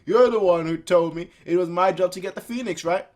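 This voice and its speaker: A man voicing a stubborn, defiant young male warrior who shouts angrily while reading a manga aloud. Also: medium pitch, fairly even intonation, brisk, lightly acted. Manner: shouting, angry.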